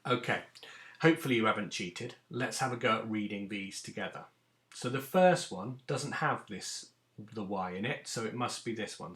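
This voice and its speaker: A man's voice: on the low side, expressive, measured pace, fairly bright tone. A man teaching a recorded phonics lesson to young children, patiently sounding out letters and words. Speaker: primary school teacher. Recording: echoey room.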